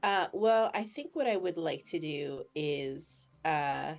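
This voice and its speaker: A woman's voice: low-pitched, lively intonation, slow, gravelly. Woman playing a tabletop game. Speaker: player. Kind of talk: casual tabletop play.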